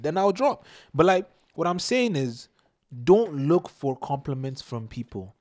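A young man hosting a casual podcast chat, giving emphatic advice with lively bursts. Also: on the high side, unhurried. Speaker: podcast host.

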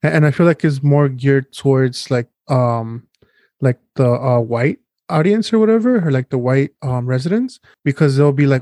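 A man's voice: medium pitch, moderate pace, mellow, no room sound. A man from the Chicago area with a Mexican-American Chicago accent, co-hosting a podcast in casual banter, laid-back and swearing freely. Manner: laid-back, swears a lot, mixes in Spanish. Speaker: podcast co-host.

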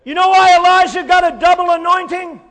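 A man preaching a sermon as pastor, moving from low, quiet talk to loud, shouted passages. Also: fairly even intonation, fairly quick. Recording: hall reverb.

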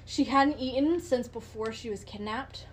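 A woman's voice: on the high side, moderate pace, slight background noise, poor audio. Chatty woman host telling a true-crime story. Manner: chatty, swears, frequent "like" and "um". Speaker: podcast host.

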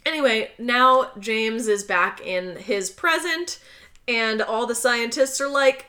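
A young woman co-hosting a casual podcast, animatedly recapping a film plot and acting out the characters' lines in high, loud voices. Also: slow pace. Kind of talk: casual chat.

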